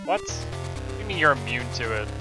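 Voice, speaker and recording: A man's voice: mid-range voice, sing-song, moderate pace, loud music behind the voice, rough recording. A man streaming a video game, chatting and swearing casually and joking with viewers. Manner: profane, joking, frequent laughs. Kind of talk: gaming livestream commentary.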